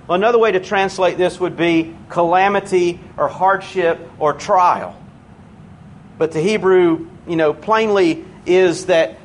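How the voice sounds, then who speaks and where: A man preaching a sermon in a church, conversational and earnest, slowing down to stress key words. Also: high voice, slight background noise.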